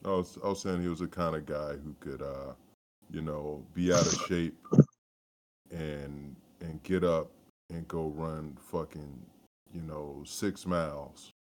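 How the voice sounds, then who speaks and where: A man's voice: very deep voice, fairly even intonation, a little slow. A man co-hosting a casual podcast chat, rambling with many fillers and restarts. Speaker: podcast co-host.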